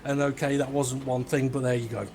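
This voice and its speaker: Chatty racing co-commentator. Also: male voice, medium pitch, flat delivery, fairly quick, darkish tone, a little hiss or hum. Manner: chatty, jokey, enthusiastic.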